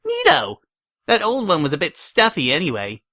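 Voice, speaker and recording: A man's voice: high-pitched, huge pitch swings, normal speed, creaky, sharp tone, pitched above the performer's own voice, full character voice. A man voicing a hyper, bubbly young female pony who chirps her lines. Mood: giddy. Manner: chirpy, squealing.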